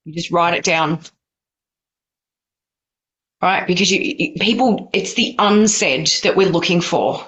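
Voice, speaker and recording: A woman's voice: lowish voice, a little slow, pauses often, a bit bright. A middle-aged woman teaching practitioners in a blunt, no-nonsense, conversational way during a training session. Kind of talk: recorded training session for students.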